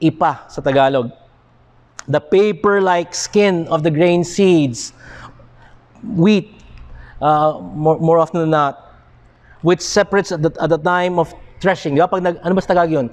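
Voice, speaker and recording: A man with a Filipino accent preaching a sermon, deliberate and emphatic, now and then switching into Tagalog. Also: fairly high pitch. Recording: long hall reverb.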